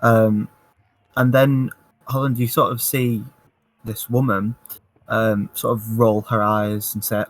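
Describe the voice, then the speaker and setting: A man's voice: fairly low pitch, little pitch movement, slow pace. A man describing his character's actions in a tabletop game, hesitant and full of fillers. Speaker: player.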